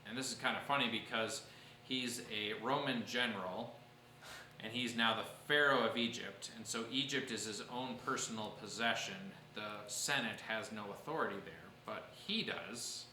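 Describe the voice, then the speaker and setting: A man's voice: mid-range voice, bright, forceful tone, reverberant, a little hiss or hum, low-quality recording. A man teaching a church history class, explaining events patiently and answering questions from his students.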